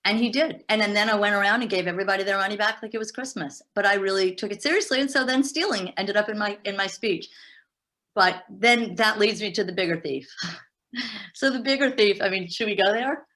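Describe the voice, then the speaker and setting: A middle-aged woman, an entrepreneur, telling a lively story in an interview and acting out the dialogue. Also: mid-range voice, brisk. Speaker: entrepreneur guest.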